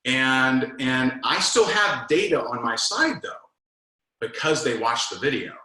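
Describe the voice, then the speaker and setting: A man runs a casual sales coaching talk in a bright, forceful voice. He tells stories animatedly and plays both himself and his prospects. The sound carries a roomy echo. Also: medium pitch, unhurried. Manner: animated storyteller, acts out both sides of conversations. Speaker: network marketing trainer.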